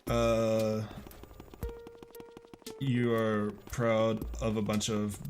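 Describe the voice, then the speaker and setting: A man's voice: on the low side, completely flat delivery, extremely slow, a little mellow, faint music behind. A man hosting a let's play, giving wry, joking, laid-back commentary on a game as he plays. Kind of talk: casual gameplay commentary.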